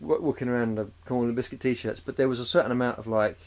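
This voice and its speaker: A man's voice: mid-range voice, fast, darkish tone. A man, co-hosting a podcast in casual chat, rambling and swearing as he jumps into put-on voices. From England. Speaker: podcast co-host.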